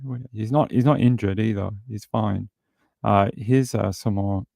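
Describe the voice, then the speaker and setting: A man's voice: on the low side, fairly even intonation, unhurried, gravelly, darkish tone, no echo, studio quality. A man hosting a true crime show, commenting casually and wryly on news clips and mimicking the people in them. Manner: rambling, wry, mimics people in silly voices.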